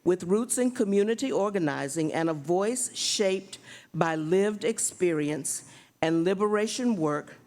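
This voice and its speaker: A woman's voice: on the low side, lively intonation, darkish tone. A woman hosting a community event, reading a formal introduction of the next performer. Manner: measured, formal announcing. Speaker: event host.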